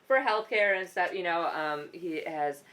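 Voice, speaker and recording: A woman's voice: on the low side, measured pace, a bit bright. A young woman from the United States hosting a podcast, talking loosely and profanely in casual chat and laughing often. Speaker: podcast host.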